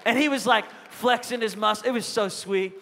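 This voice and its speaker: A middle-aged man preaching from a church stage, his voice high and bright. He leans into emphatic call-and-response lines, and the long reverb of the sanctuary trails behind each phrase. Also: normal speed, creaky, a little hiss or hum. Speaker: pastor. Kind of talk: sermon.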